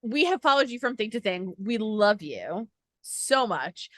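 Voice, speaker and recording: A woman's voice: mid-range voice, big pitch swings, unhurried, fairly bright tone, no echo, studio quality. A woman interviewer chatting casually and gushing enthusiastically to her guest, with lots of "like.". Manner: gushing, chatty, many fillers of "like". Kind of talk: casual chat.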